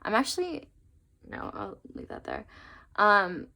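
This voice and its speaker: A young woman talks her viewers through a tarot spread in a relaxed, chatty way. She sounds earnest and encouraging, trails off into asides, and fills her pauses with "um" and "like". Her voice sits at an everyday middle pitch. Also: gravelly. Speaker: tarot reader. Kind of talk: casual tarot reading to camera.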